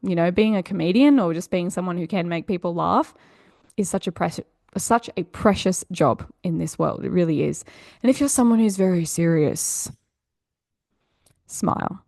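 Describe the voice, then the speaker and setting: A woman's voice: fairly low pitch, moderate pace, creaky, a little mellow, dry recording, studio quality. A woman hosting a self-help podcast, talking in an upbeat, encouraging, chatty way. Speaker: podcast host. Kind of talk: motivational podcast monologue.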